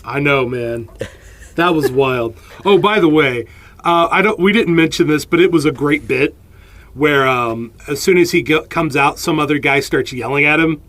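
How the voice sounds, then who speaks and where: A man's voice: a little high, normal speed, a bit bright. A man co-hosting a podcast, chatting about a film with wry humor, often laughing and quoting scenes. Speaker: podcast co-host. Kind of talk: casual movie recap chat.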